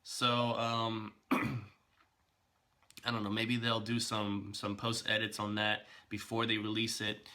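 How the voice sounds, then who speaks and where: Guy doing a reaction vlog, bright forceful voice, chatty, keeps restarting his sentences. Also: lowish voice, slow. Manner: chatty and animated, with frequent fillers and restarts. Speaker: video blogger reacting to a trailer. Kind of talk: casual reaction commentary.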